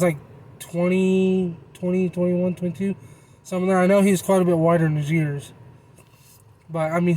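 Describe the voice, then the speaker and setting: A man's voice: a little high, darkish tone, low-quality recording. A man telling a hunting story in a casual, rambling, folksy way. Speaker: channel host.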